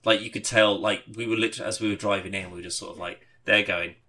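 A man, a podcast co-host, chatting casually and telling a rambling, animated story with swearing and laughter. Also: fairly low pitch, racing. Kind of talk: casual chat.

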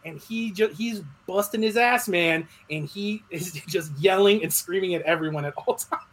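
A man's voice: high-pitched, normal speed, husky, rough recording. Laid-back man chatting, laughing often. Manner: laughing, relaxed, profane. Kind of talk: casual chat.

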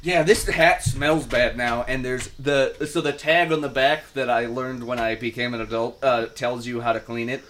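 A man's voice: mid-range voice, steady tone, moderate pace, hardly any pauses, a bit bright, a little hiss or hum. A man co-hosting a casual comedy podcast, joking about himself and laughing often. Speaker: podcast co-host.

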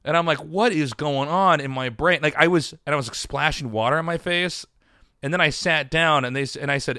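A man's voice: fairly high pitch, brisk, bright, forceful tone, dry recording, studio quality. A man telling a long personal story in casual chat, rambling with restarts and swearing.

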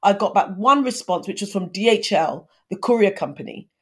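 A woman's voice: medium pitch, expressive, fairly quick, slightly rough. Earnest woman in her fifties giving advice. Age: 50s. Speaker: guest. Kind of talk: conversational interview.

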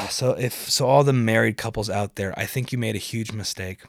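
A man's voice: fairly low pitch, moderate pace, creaky, no room sound, clean studio sound. A young man hosting a podcast, delivering a rambling, profane rant that keeps getting sidetracked. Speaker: podcast host. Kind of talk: casual ranting monologue.

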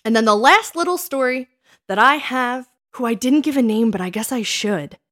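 A woman telling funny stories about old dates in a casual chat, laughing often and acting out what she said back then in a higher voice. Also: moderate pace. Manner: animated, laughing, quotes herself in a higher voice. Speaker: podcast co-host.

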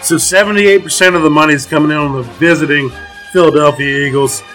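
Male co-host, bright slightly high voice, emphatic picks, music bed faint. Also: quick pace, rough recording. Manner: quotes betting percentages, emphatic picks. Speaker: podcast co-host. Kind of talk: casual sports betting chat.

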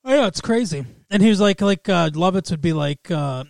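A man's voice: sits high, animated, brisk, gravelly, no room sound. Laughing, rambling podcast host man. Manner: laughs often, rambling and playful. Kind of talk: casual chat.

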